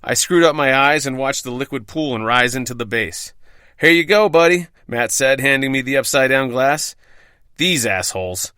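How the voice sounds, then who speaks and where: At a moderate pace, a man's mid-range voice comes across pushed, bright and smooth, recorded in studio quality with no echo. He's a podcast host reading scripted first-person stories from his bartending days, wry, profane and self-deprecating.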